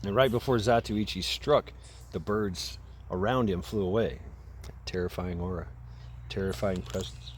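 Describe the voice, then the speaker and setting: A man's voice: low voice, steady tone, moderate pace, slight background noise. A man vlogging outdoors into a camera mic, casually retelling a movie in a rambling, profane way. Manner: rambling, profane, laughs at his own story. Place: outdoors by a path.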